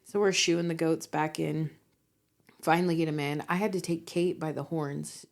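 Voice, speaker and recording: A woman in her forties co-hosting a podcast, telling animated stories in casual chat, acting out quotes and laughing often. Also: sits low, normal speed, gravelly. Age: 40s. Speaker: podcast co-host.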